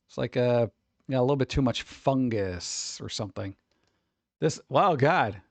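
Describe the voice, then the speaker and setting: A man's voice: medium pitch, animated, moderate pace, creaky, dry recording. A man in his forties rambling casually as a stream host, chatty and wry, tossing in asides and muttered reactions.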